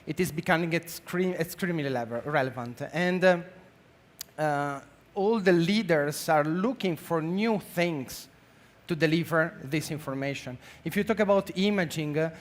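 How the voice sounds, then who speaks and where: Italian-accented man with many fillers. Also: a little high. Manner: halting, many fillers and restarts. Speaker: conference speaker, marketing director. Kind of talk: conference presentation. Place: conference stage.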